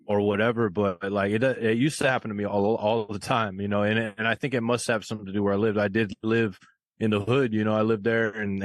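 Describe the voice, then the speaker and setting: A man's voice: lowish voice, dry recording. A man co-hosting a casual podcast chat, laid-back with casual slang. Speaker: podcast co-host.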